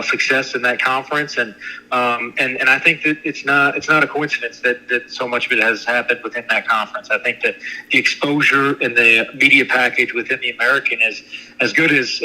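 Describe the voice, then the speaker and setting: A man guesting on a sports radio show as a university athletics director, with a very bright, sharp voice at a middle pitch. He answers earnestly and haltingly, often circling back on his words. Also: poor audio. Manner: earnest, halting, repeats himself.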